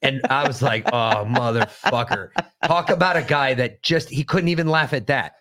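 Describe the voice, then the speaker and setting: A man hosting a podcast, telling a crude army story in casual, profane, animated chat. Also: on the high side, a little fast, dry recording, studio quality. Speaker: podcast host.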